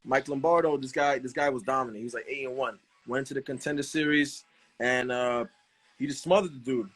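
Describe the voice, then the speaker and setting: A man who is a professional fighter, guesting on a casual live-stream interview and speaking relaxed, often repeating words. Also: medium pitch, brisk, breathy edge. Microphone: video call.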